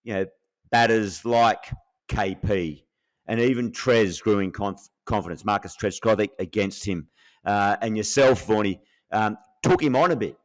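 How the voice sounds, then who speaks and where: A man's voice: lowish voice, unhurried. A middle-aged man, a former cricketer, recalling an old rival in earnest, reflective podcast chat.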